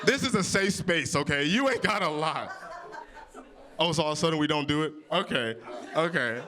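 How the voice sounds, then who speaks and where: A man in his early thirties doing improvised stand-up comedy on audience topics, with big jumps in pitch when he quotes people. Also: normal speed. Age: 30s. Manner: animated, jumps high for quoted voices. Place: comedy club stage. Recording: live venue with audience.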